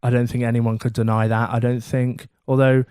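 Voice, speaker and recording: A man's voice: mid-range voice, level tone, darkish tone, smooth, no echo, studio quality. A man co-hosting a comedy podcast, teasing and bantering in casual chat. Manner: teasing, bantering, quick to laugh. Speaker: podcast co-host.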